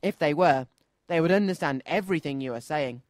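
A man voicing a kind mother who talks softly and reassuringly to her daughter, in a children's story. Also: fairly high pitch, brisk, dry recording, clean studio sound, natural voice. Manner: soft, reassuring.

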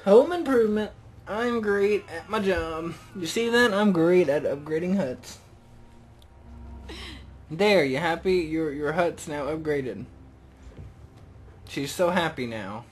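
A young man casually commentating a video game, rambling and joking, excited. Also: a little high, slow pace, pauses often. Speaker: gaming video host. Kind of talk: casual let's-play commentary.

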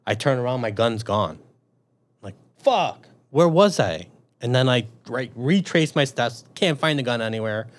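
A man's voice: mid-range voice, normal speed. A man, an army veteran and police officer, telling a long story in a casual interview, swearing freely and acting out what he thought back then. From Chicago. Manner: profane, animated storyteller acting out his own past thoughts.

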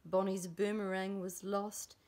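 A woman reading a children's picture book aloud, slow and expressive, giving the characters lively voices. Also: medium pitch. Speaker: preschool storybook reader.

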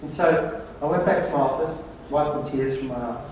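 A man giving a humorous keynote at a conference, telling anecdotes in a wry, animated way. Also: fairly high pitch, normal speed, background noise. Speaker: conference presenter. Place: large conference hall. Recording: very echoey hall, distant mic.

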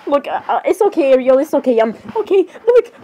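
A woman chatting in character while reacting to a video, giggling often and apologizing between excited outbursts. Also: high-pitched, slight background noise, poor audio. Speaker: role-play reaction streamer.

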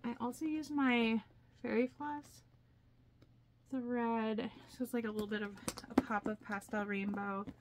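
A young woman vlogger chatting casually as she shows her handmade bags, with lots of fillers and excitement. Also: a little high, slight background noise. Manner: chatty, filler-heavy, enthusiastic. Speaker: crafting vlogger. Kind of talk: casual show-and-tell vlog.

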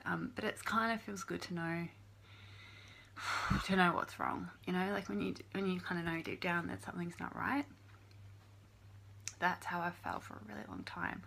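An actress playing a young YouTuber with depression, who talks in a halting, filler-heavy way and swears often. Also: female voice, fairly low pitch, gravelly, fairly bright tone, slight background noise. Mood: subdued. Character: young woman YouTuber, depressed, bullied by trolls. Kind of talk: confessional vlog monologue in a short film.

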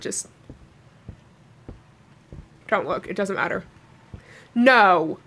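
A woman playing a horror game, talking to herself nervously and joking to calm her nerves. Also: medium pitch, takes it slowly, gravelly, long pauses, slight background noise. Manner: nervous, talks to herself, jokes to cope. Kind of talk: casual let's-play commentary. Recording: game music playing behind. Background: game music.

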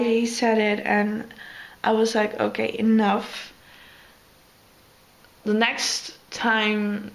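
A woman's voice: a little high, gravelly, rough recording. A young woman, chatting casually to camera in a rambling, hesitant way full of fillers. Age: 20s. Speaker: vlogger.

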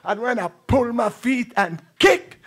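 A man's voice: high voice, unhurried, slightly rough, faint music behind. An older man preacher giving a fervent testimony sermon in a church, with repeated exclamations. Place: church sanctuary.

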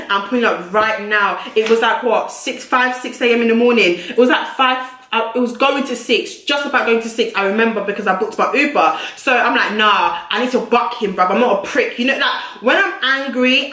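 A woman's voice: fairly high pitch, pushed and bright. A woman telling a storytime vlog, blunt and profane, full of street slang. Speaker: vlogger. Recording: echoey room.

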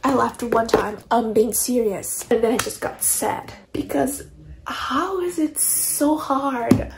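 A woman's voice: fairly high pitch, takes it slowly, background noise. A young woman, ranting dramatically and exasperatedly about a book in a casual reading vlog. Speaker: book vlogger.

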